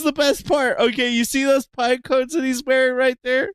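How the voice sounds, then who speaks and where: A man hosting a livestream, giving casual, profane, excitable commentary and laughing often. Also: extremely high pitch, moderate pace, few pauses, smooth, dry recording. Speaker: livestream host.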